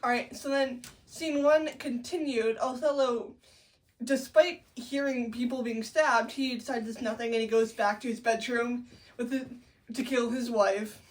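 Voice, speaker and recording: A woman's voice: fairly high pitch, fairly even intonation, unhurried, distant mic. Chatty woman with wry asides. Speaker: co-host summarizing a play. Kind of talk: casual study recap.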